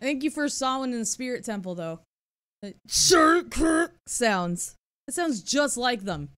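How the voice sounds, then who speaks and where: A woman streamer giving live commentary while playing a video game, excitable and swearing, dropping to low mutters and then bursting into loud cheers. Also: moderate pace, clear, resonant tone, no room sound.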